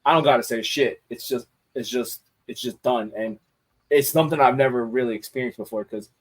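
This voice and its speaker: A man's voice: mid-range voice, fairly quick. A man in casual podcast chat, speaking candidly with frequent swearing and restarts. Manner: candid, profane, many restarts.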